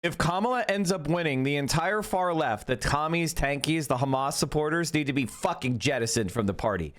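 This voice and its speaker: A male streamer with a slightly raised pitch and a very lively, swinging delivery. He argues sarcastically in loose, casual stream talk. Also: brisk. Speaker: streamer in a played clip.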